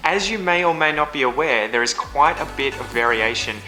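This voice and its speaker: A man with an Australian accent presents an upbeat online English lesson. His tone is very bright and forward, his pitch is mid-range, and faint music plays underneath. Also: animated, roomy sound, poor audio. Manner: brisk, chatty teacher. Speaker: English teacher and channel host.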